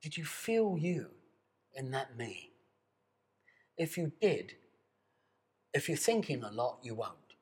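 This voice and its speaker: Animated man coaching voice and breathing. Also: a little high, a little slow. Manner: calm, coaxing, addresses the viewer directly; demonstrates sustained sung tones. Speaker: voice and meditation teacher. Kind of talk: guided voice and breathing exercise. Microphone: speaking to camera.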